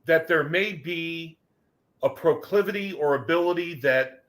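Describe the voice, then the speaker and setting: A man's voice: a little high, a little slow, a bit bright. An older man speaking as a podcast guest in long, winding, earnest sentences. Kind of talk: casual podcast conversation.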